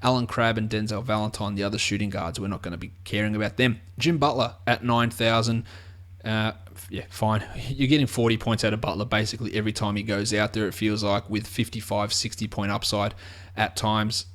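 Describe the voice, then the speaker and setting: A man's voice: fairly low pitch, steady tone, brisk, fairly bright tone. A man with an Australian accent talking through fantasy basketball picks in a casual solo show, often restarting and repeating words as he goes. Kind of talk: casual solo sports analysis.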